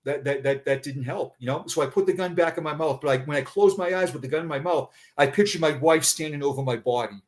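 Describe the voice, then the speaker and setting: A retired police officer, a middle-aged man with a voice on the high side, tells a personal story in conversation. He speaks haltingly and often repeats words.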